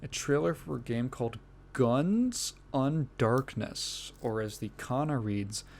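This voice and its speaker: A man with a gravelly, medium-pitched voice hosts a solo gaming podcast, expressive and taking it slowly. He rambles casually, swears freely, and often laughs mid-sentence.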